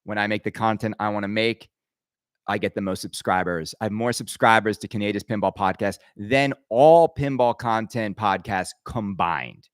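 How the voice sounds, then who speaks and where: A man's voice: fairly low pitch, moderate pace, clean tone, no echo, studio quality. A man hosting his own podcast, ranting his opinions emphatically and rambling, with frequent stammered restarts. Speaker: podcast host.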